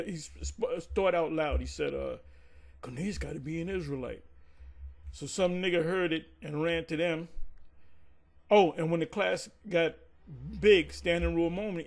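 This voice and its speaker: Gravelly guy ranting thru an old church story, cussing, kinda high voice. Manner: animated, swears freely, quotes others in raised voice. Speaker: teacher recounting church history. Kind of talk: casual storytelling monologue.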